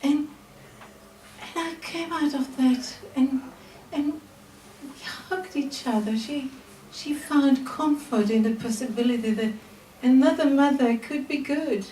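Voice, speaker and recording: A middle-aged woman telling a heartfelt personal story at a live storytelling event, soft and hesitant with restarts. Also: sits high, unhurried. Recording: roomy distant live recording, faint noise.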